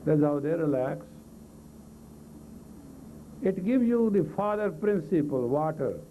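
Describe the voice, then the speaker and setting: A meditation teacher with a voice on the high side takes his time, expressive as he guides a live group exercise class. His commands are blunt and coaxing, phrased in non-native English grammar, and the tinny lo-fi 1980s tape of this live talk carries slight background noise.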